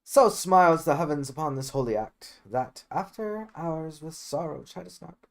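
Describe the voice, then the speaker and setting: A man's voice: fairly high pitch, animated, normal speed, gravelly. A man voicing a solemn older friar giving counsel, in an amateur reading of a Shakespeare play.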